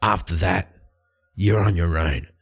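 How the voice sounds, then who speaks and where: A man voicing a reluctant, gruff adventurer who speaks hesitantly and grudgingly. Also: deep voice, steady tone, unhurried, voice pushed down, full character voice.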